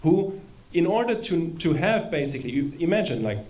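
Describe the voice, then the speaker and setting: A man's voice: on the high side, big pitch swings, fairly quick, darkish tone. A man giving an informal spiritual lecture to a live audience in a temple hall. He talks conversationally, with humorous asides and rhetorical questions.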